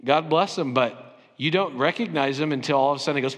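A man's voice: a little high, quick pace, a bit bright, long reverb tail, dull audio. A middle-aged man from Southern California preaching a sermon in a conversational, anecdotal way with self-deprecating humor. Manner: acts out imagined interviews with playful voices. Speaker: pastor. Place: church sanctuary.

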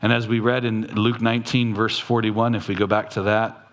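A man preaching a sermon as a pastor, quoting scripture and talking plainly to the congregation, his voice rising at times. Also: flat delivery. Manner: preaching slowly, quoting scripture, with sudden rises in pitch.

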